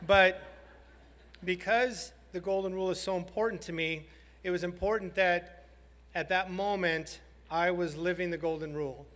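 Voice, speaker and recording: A man, a high school principal, giving a heartfelt banquet speech and telling a story with some halting pauses. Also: fairly even intonation, a bit bright. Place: large banquet hall. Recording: hall reverb.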